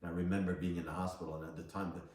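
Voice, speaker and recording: A man's voice: low voice, flat delivery, racing, darkish tone. A middle-aged man, a psychic medium, telling a casual motivational story about his own past. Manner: casual, storytelling, laughs between lines. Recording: very echoey room, distant from mic.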